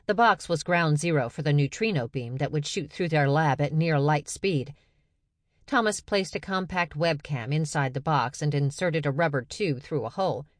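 A woman narrating a science fiction story in a steady, measured way. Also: deep voice, no room sound, clean studio sound. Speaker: audiobook narrator. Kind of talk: scripted narration.

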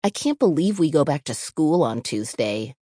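An eager, chatty schoolboy, as a woman reader puts him on, keen for fun at a campfire. The storybook boy sits near the narrator's own low voice, and is recorded dry and close. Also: sing-song, moderate pace, mellow, husky, no room sound, heavily acted.

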